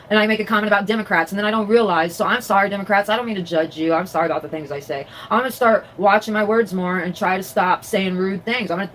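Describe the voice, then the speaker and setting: The audio is rough, with a little hiss or hum, as a woman vlogs from indoors at home. A crafter with a mid-range, slightly bright voice, she chats in a rambling way full of fillers and restarts.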